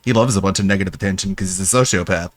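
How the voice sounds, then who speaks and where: A man's voice: low voice, racing, dry recording. A man casually mocking another streamer while commenting.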